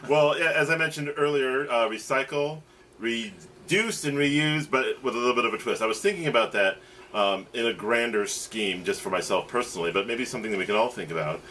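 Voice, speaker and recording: A man's voice: mid-range voice, a little fast, bright, forceful tone, slight background noise. A man co-hosting a casual chat over drinks, talking in an easygoing, hesitant way with many fillers. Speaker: co-host.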